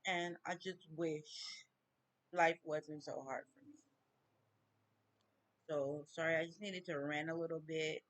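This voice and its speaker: Woman, vlog rant, slow and halting, close to crying. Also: deep voice, fairly even intonation. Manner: slow, halting, tearful grief. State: near tears. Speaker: vlogger. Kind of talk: personal rant to camera.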